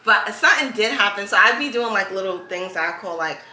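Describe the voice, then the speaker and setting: A woman's voice: medium pitch, expressive, fast talker, pushed and bright, reverberant, slight background noise. A woman hosting a podcast, chatting casually and telling a story with lots of filler words. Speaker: podcast host. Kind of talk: casual chat.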